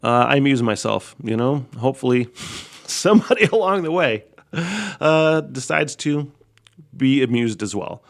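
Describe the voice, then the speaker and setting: A man hosting a solo podcast talks in a loose, rambling way, swearing constantly and laughing often. His voice sits at an ordinary middle pitch. He tells stories with animated energy. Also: measured pace, gravelly. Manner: animated storytelling. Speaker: podcast host.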